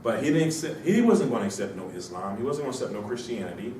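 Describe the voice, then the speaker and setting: A man's voice: medium pitch, sing-song, fast talker. A man with a cold gives a rambling classroom lecture, throwing out question after question to his students. He sounds far from the mic in a very echoey room with a faint hiss underneath. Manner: rambling, asks rhetorical questions. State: has a cold. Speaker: instructor. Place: university classroom.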